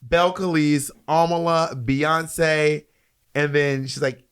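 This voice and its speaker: A man's voice: fairly high pitch, steady tone, fairly bright tone, clear, resonant tone. Rambling man chatting on a podcast. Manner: rambling, halting, many fillers. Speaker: podcast co-host. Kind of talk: casual chat.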